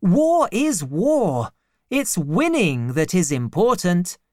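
A man doing an excitable young servant, high and eager. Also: slow, no room sound, studio quality, full character voice.

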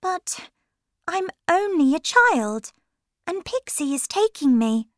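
A polite, shy little girl speaks in a small, careful voice, as a woman reads her part. Her pitch sits high and swings up and down a lot, and she takes her time. The room is dry and close. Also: very animated, takes it slowly, no room sound, exaggerated voice. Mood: timid.

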